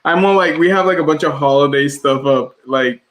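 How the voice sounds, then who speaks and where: A man's voice: on the high side, a little fast, a bit bright, rough recording. A man co-hosting a casual livestream podcast from home, rambling and laughing often. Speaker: podcast co-host.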